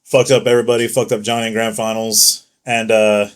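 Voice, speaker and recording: A man's voice: on the low side, little pitch movement, a little fast, smooth. Profane, laughing young man telling stories. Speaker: podcast co-host. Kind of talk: casual chat.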